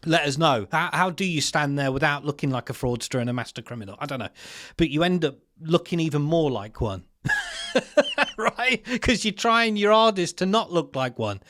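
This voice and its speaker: A man's voice: a little high, animated, a little fast, fairly bright tone, no room sound. A man, hosting an opinionated commentary with exasperated, sarcastic asides and slangy remarks. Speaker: commentary channel host.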